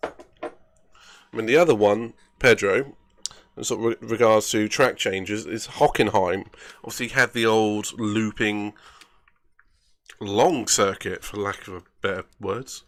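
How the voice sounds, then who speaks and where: A man's voice: fairly low pitch, a bit bright. A man chatting casually while streaming a racing game, rambling and grumbling at himself with self-mocking asides.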